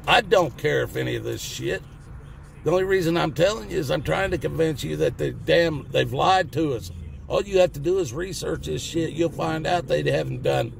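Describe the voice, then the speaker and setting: A man's voice: on the high side, vocal fry, a little hiss or hum. A middle-aged man with a Southern US accent, hosting his own channel and ranting bluntly in a folksy, cussing manner. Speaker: channel host. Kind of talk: ranting opinion monologue to camera.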